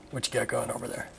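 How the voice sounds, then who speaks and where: A man co-hosting a fishing podcast in casual chat, mostly brief agreements and dry teasing. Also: a bit bright. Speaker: podcast co-host. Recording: noisy recording.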